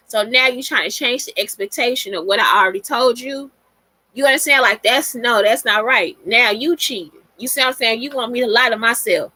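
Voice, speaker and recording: Blunt, foul-mouthed woman host, bright voice. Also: a little high, no room sound. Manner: blunt and profane, talks straight to listeners. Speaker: podcast host. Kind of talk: casual monologue answering listener questions.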